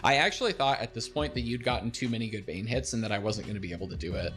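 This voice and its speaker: A young man streaming, casually talking through a replay of his own game, animated and self-deprecating, laughing often. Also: lowish voice, rapid-fire, over music.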